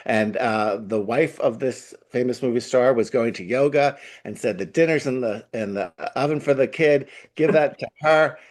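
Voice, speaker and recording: A man from Long Island with a Long Island accent, a guest telling an animated story and acting out the voices in it. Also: medium pitch, moderate pace, hardly any pauses. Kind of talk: casual storytelling.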